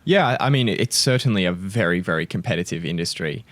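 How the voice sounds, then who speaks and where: A young Australian man co-hosting a podcast in casual chat, relaxed and laughing often. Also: deep voice, a little fast, no echo. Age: young adult. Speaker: podcast co-host.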